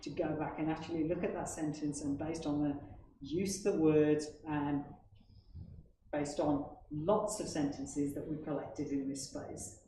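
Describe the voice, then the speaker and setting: A man's voice: a little high, steady tone, a little slow, warm tone. A man giving a technical conference presentation in an explanatory way, often checking in with the audience. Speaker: conference speaker. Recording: echoey hall, distant mic, background noise.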